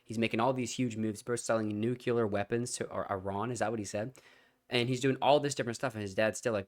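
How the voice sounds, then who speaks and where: A young man talks through a music video in casual, slang-filled commentary. His voice sits fairly low, and he thinks aloud with excited energy. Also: quick pace. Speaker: reaction video host.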